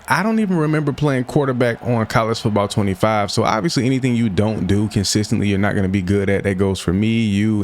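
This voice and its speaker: A man's voice: lowish voice, a little hiss or hum. A young man giving casual, slangy gameplay commentary, often frustrated as he plays. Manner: frustrated, slangy, self-talk while playing. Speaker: gaming YouTuber.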